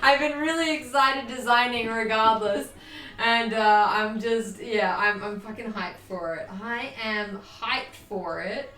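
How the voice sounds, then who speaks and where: A woman's voice: on the high side, unhurried, a bit bright. Bubbly, chatty young woman streamer. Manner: bubbly, chatty, swears casually, baby-talks to her dog. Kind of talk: casual live-stream chat. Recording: echoey room, mic at a distance.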